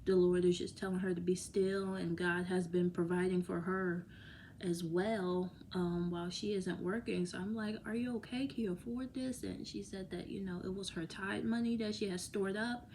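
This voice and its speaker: A woman's voice: lowish voice, level tone, normal speed, a little mellow, a little hiss or hum. A woman talking casually to her viewers in a rambling vlog, laughing often and sometimes dropping to a whisper. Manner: drops to a whisper at times. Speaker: vlogger. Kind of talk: casual chat to camera.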